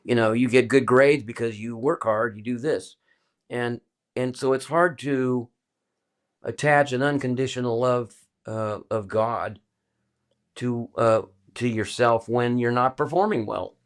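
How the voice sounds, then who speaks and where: A man's voice: medium pitch, measured pace. An older man talking casually as a guest, rambling and restarting his sentences as he tells stories. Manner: rambling, self-interrupting storyteller. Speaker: guest musician. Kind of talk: casual conversation.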